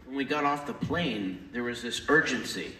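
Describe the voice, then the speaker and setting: A man with a strikingly bright, edgy tone tells eager stories in quick bursts, tripping over restarts. He sounds distant and roomy in a large hall. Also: medium pitch, expressive, a little hiss or hum. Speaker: panel guest. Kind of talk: casual panel chat. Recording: echoey hall, distant mic.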